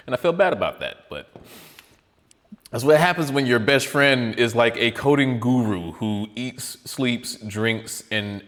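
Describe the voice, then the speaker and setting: Rambling and self-mocking, this casual podcast host eats and chews between words, frequently starting over. His medium-pitched voice is fairly bright, picked up by a studio mic with headphones in a space that sounds like a big room.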